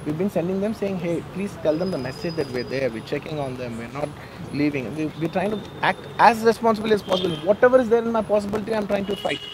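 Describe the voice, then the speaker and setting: Male, raised pitch, rapid press statement, emotional and earnest, repeats phrases, noisy outdoor garden. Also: animated. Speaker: film actor speaking to the press.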